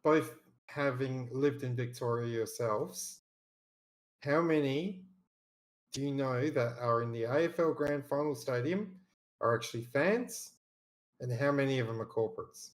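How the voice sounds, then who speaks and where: A man's voice: medium pitch, unhurried. A man co-hosting a podcast, chatting casually in a dry, sarcastic way. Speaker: podcast co-host. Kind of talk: casual chat.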